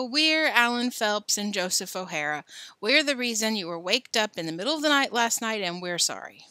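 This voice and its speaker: A woman's voice: mid-range voice, pushed and bright, no echo. A woman voicing a brash young boy who backs up his friend in a storybook reading. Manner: brash, mocking. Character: cocky young boy, a loyal sidekick.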